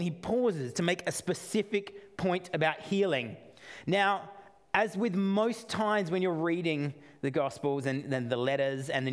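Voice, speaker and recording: A middle-aged man preaching a sermon, chatty at first, then building to emphatic, repeated calls. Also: high voice. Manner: conversational, builds to emphatic repetition. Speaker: pastor.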